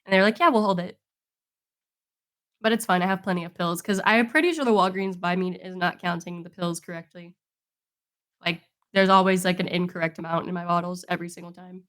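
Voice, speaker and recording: A woman's voice: lowish voice, fairly even intonation, a bit bright. Chatty woman on a podcast. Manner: chatty, quick to laugh. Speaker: podcast co-host. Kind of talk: casual chat.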